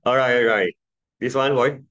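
A man's voice: medium pitch, moderate pace, a bit bright, muffled recording. A man teaching English pronunciation to a class, patiently drilling vowel sounds and calling on students. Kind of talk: classroom lesson.

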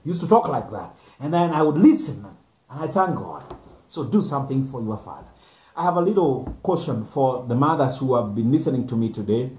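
A man's voice: medium pitch, darkish tone. A man, a pastor giving an earnest sermon message, repeating phrases for emphasis. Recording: echoey room.

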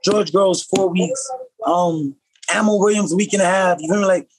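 A man from upstate New York, a professional boxer, telling stories as a podcast guest in a casual, slangy, animated way. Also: high-pitched, slight background noise, rough recording. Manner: fast, slangy, animated storytelling. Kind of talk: casual storytelling.

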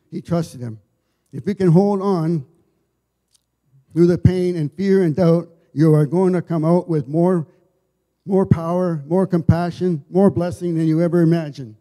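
A man giving an informal church sermon, telling stories in a halting way, often repeating and restarting his words. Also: a little high, mellow. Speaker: lay preacher. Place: church service.

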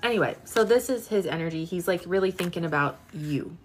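A woman's voice: lowish voice, lively intonation, fairly quick, soft background music. A young woman in her twenties doing a casual live-stream tarot reading, chatty and full of filler words while she talks to viewers. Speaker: tarot reader.

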